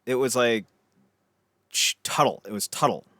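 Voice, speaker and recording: A man's voice: mid-range voice, unhurried, fairly bright tone, dry recording. A man co-hosting a casual podcast, rambling and swearing, often trailing off into mumbles. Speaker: podcast co-host.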